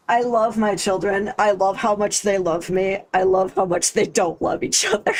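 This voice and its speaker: A woman's voice: mid-range voice, low-quality recording. A woman livestreaming a game, chatting casually, thinking aloud and laughing easily into a desk microphone. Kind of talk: casual gaming commentary.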